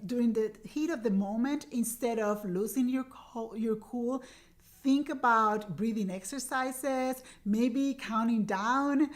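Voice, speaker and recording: A woman in her forties, mother of teenagers, hosting a parenting advice show in an earnest, coaching way that repeats its key points. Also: on the high side. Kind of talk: direct-to-camera parenting advice.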